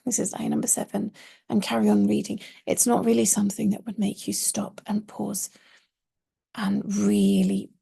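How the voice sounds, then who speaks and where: Middle-aged woman teacher, husky gravelly tone, earnest and emphatic explaining. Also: mid-range voice, warm tone. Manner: earnest, stresses key words with slow emphasis. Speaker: Arabic teacher.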